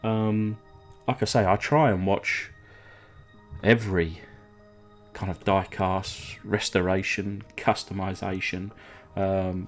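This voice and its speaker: A man from England hosting a casual hobby vlog, chatty and rambling, with lots of ums and uhs. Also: fairly low pitch. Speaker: diecast restoration channel host.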